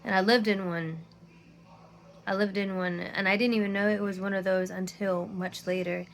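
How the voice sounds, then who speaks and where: A woman's voice: medium pitch, steady tone, moderate pace. A woman ranting to her phone camera, tired and near tears, frustrated and swearing often. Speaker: content creator. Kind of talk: emotional rant to camera.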